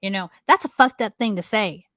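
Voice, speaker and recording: A woman's voice: medium pitch, lively intonation, a little fast, sharp tone, no room sound, clean studio sound. Earnest, frank woman co-host. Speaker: podcast co-host. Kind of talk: casual chat.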